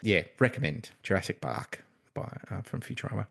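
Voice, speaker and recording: A man's voice: on the low side, animated, brisk, gravelly, fairly bright tone, breathy edge. A man co-hosting a podcast, talking in casual chat with many restarts and fillers. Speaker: podcast co-host.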